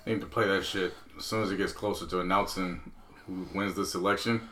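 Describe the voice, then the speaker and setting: A man's voice: low voice, fairly even intonation, brisk, a bit bright, a little hiss or hum. A man co-hosting a podcast, chatting casually and dropping wry, laid-back comments. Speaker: podcast co-host. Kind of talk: casual chat.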